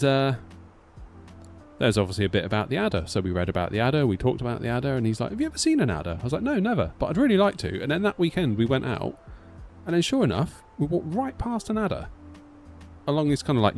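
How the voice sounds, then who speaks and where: A British flight sim streamer in his thirties chats casually to his live-stream audience, rambling with lots of filler such as "sort of." His medium-pitched voice is sing-song and a little fast, with faint music behind.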